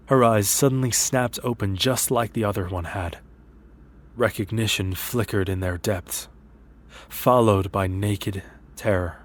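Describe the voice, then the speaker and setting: Low-voiced male horror story narrator.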